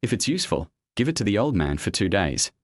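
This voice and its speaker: Guy reading smug young fighter dude, teasing, low voice, dry sound. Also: sing-song, fast talker, no echo. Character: cocky young male martial artist, teasing.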